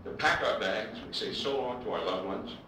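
A male baseball broadcaster telling lively anecdotes to an audience and acting out the quotes. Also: on the low side, moderate pace, slight background noise. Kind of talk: storytelling speech to an audience. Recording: echoey hall, distant mic, audience laughter.

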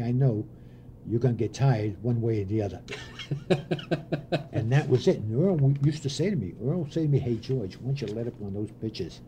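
Older man, dark warm voice, storytelling ex-coach, light noise behind. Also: medium pitch, highs cut off. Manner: animated anecdotes with voiced quotes and laughs. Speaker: former pitching coach. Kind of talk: storytelling interview.

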